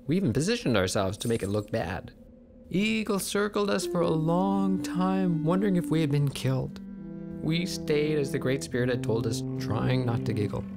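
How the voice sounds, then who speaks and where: A man voicing a mischievous trickster raven who narrates an animated film, teasing and playful. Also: a little high, gravelly, over loud music. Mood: sly. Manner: teasing, slow storytelling with lively swings.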